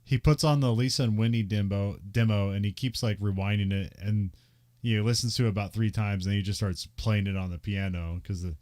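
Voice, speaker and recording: A man's voice: fairly low pitch, fairly even intonation, fairly quick, a little mellow. A man co-hosting a podcast, recapping a movie in loose casual chat and laughing often. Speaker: podcast co-host. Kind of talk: casual film discussion.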